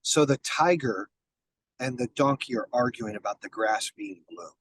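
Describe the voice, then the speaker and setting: A man's voice: mid-range voice, lively intonation, normal speed, a bit bright, a little hiss or hum, rough recording. A man in a casual podcast interview as a guest. He talks bluntly and emphatically, swears, and often restarts his sentences. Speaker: podcast guest, business founder.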